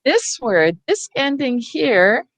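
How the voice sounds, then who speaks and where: A woman's voice: sits high, big pitch swings, slow, no echo. A woman leads teachers through a reading workshop over a video call, explaining patiently step by step.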